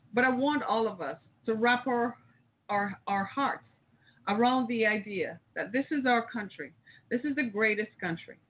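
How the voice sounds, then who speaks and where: A woman hosting a talk show, delivering a rousing, preachy monologue straight to her listeners. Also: fairly high pitch. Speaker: host. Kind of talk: impassioned call-in radio monologue. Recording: tinny phone-like audio.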